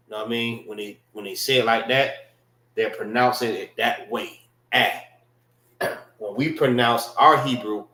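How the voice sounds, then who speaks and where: A man teaching a class, unhurried and repeating words to drill pronunciation. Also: mid-range voice, steady tone, bright, forceful tone. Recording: echoey room.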